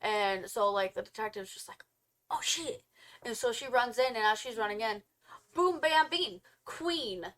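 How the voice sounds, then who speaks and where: During a casual film review with her partner, a young woman races through the plot with lively energy, popping into quick character voices and laughing as she backtracks over names she gets wrong. Her pitch is mid-range but swings around in this animated storytelling.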